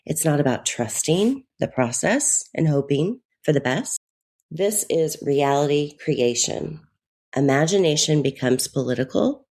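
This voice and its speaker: A woman with a scratchy voice giving an astrology forecast in a calm, measured way. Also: low voice, breathy edge. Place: in Europe.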